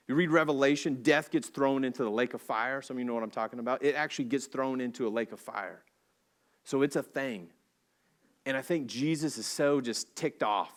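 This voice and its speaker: A man preaching a sermon in a church, telling a story in a casual, animated way with slang and jokey asides. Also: mid-range voice. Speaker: pastor. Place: church sanctuary.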